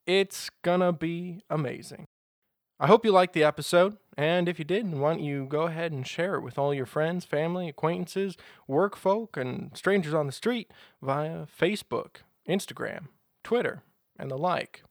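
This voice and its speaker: A man's voice: fairly high pitch, moderate pace, no echo, studio quality. A man running a tabletop game as game master and host, describing scenes and chatting playfully. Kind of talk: narrating a tabletop game and podcast outro.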